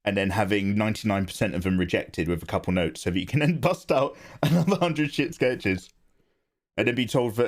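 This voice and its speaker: A man chatting casually on a live art stream, rambling, joking and reading out his chat from home. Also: fairly low pitch. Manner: chatty, rambling, quick to joke, reads chat aloud. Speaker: live-streaming digital artist.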